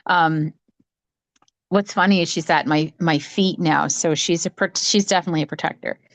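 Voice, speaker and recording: A woman's voice: deep voice, moderate pace, no room sound. Chatty woman telling a rambling story. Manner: rambling, animated, many restarts and acted quotes. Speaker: psychic medium sharing her story. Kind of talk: casual storytelling chat. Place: home, cat nearby.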